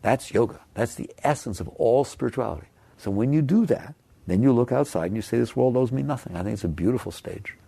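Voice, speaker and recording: An older man gives a spiritual talk, his gravelly voice swinging widely in pitch as he turns emphatic. His tone is dark and a little husky. The sound is close and dry. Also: a little fast, no echo. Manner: animated, emphatic, acts out inner voices. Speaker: spiritual teacher.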